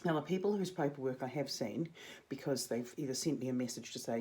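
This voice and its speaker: A woman's voice: extremely low pitch, moderate pace, a little mellow. A young adult woman, a drama teacher giving a chatty video lesson to her students with jokey asides.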